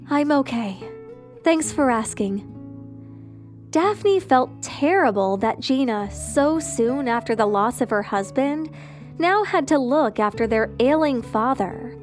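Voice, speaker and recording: A woman narrating a dramatic family story in a scripted, even storytelling delivery. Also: a little high, a little slow, soft background music.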